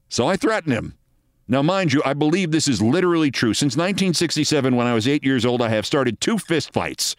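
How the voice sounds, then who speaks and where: A man in his sixties hosting a podcast, telling a story in a loud, emphatic way. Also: mid-range voice, very animated, moderate pace, dry recording, studio quality. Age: 60s. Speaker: podcast host. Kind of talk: storytelling monologue.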